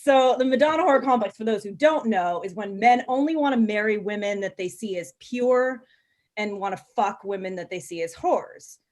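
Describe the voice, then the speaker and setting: A woman in her thirties gives a bawdy, frank stand-up set on a live video call, using a mid-range, expressive voice that's a little mellow. She keeps a moderate pace, and her stories come with many ums and little laughs.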